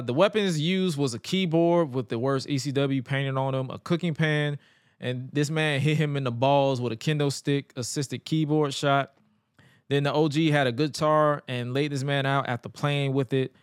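A man co-hosting a podcast and recapping wrestling in a casual, animated way. He stammers and acts out quotes. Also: mid-range voice, clear, resonant tone, no echo, studio quality. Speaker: podcast co-host.

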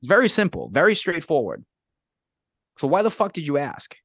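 Man ranting with a lively swooping voice. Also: on the high side, moderate pace, dry recording, studio quality. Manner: profane, exasperated ranting. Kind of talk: casual chat.

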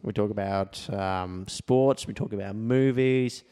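A man's voice: lowish voice, unhurried, warm tone, clear, resonant tone, long reverb tail. A man with an Australian accent co-hosting a podcast, chatting casually and swearing freely. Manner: swears a lot, half-serious. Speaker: podcast co-host. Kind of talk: casual banter.

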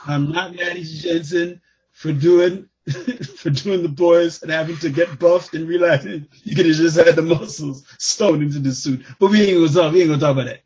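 A man with a somewhat high, very husky, raspy voice chatting as a podcast guest. He rambles in an animated way, laughs easily and restarts his sentences often. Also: moderate pace, muffled recording. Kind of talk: casual chat.

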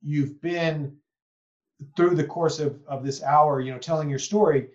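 A man's voice: fairly high pitch, steady tone, a little slow, darkish tone, lo-fi sound. A man from East Texas hosting a podcast interview, reflective and rambling, with many asides and tag questions. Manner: reflective, rambling, many "you know"s and "right?". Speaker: podcast host. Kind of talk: conversational interview.

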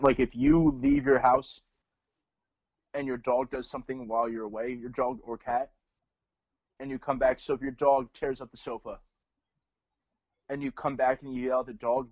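A man's voice: medium pitch, normal speed, no echo. A man chatting casually from home in a laid-back, joking way, leaning on filler words. The recording is muffled and very dry, with no room sound. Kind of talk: casual chat. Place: home, working remotely.

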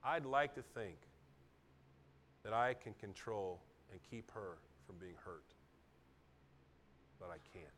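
A middle-aged man preaching a sermon as pastor, dropping to soft, near-whispered asides and then building to loud, emphatic repetitions. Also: fairly low pitch, expressive, takes it slowly, long pauses, a little hiss or hum.

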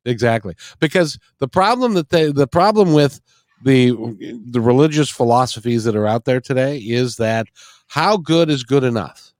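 A man's voice: mid-range voice, animated, normal speed, dry recording, studio quality. A man hosting a casual interview, hesitant with frequent restarts and fillers.

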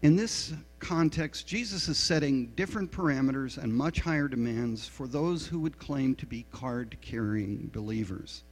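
A man's voice: mid-range voice, normal speed, few pauses. A middle-aged man preaching a sermon as a pastor, telling a story in a frank, self-deprecating way. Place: church sanctuary. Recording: reverberant hall with mains hum.

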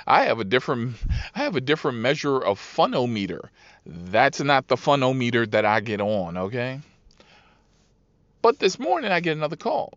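A man who drives for a rideshare service, telling profane, animated stories about his riders and acting out their voices. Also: medium pitch, moderate pace, long pauses, no room sound. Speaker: rideshare driver and podcast host. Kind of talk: casual storytelling monologue. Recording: dull, dry lo-fi recording.

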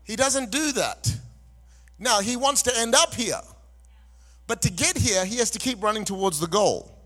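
Male preacher, high voice, animated call-and-response delivery, large echoing church hall. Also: moderate pace, faint music behind. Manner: animated, calls on the congregation to answer back; conversational asides between scripture readings. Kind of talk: sermon. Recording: long reverb in a large hall.

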